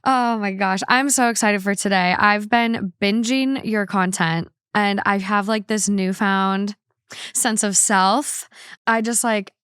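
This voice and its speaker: A woman's voice: medium pitch, steady tone, a bit bright, clear, resonant tone, dry recording, clean studio sound. A young woman hosting a podcast in casual chat, bubbly and enthusiastic. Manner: bubbly, enthusiastic, quick to laugh. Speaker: podcast host.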